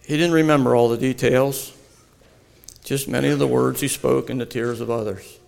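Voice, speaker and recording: Man, story narrator, slow and earnest, gravelly tone, reverberant hall. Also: medium pitch, steady tone, darkish tone. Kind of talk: reading a devotional story aloud.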